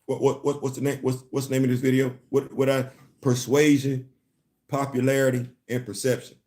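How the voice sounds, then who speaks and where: Talking fairly quickly in a mid-range voice, a man hosts a casual live commentary stream on comics. He's animated, repeats words, laughs, and breaks off to greet and chat with his viewers.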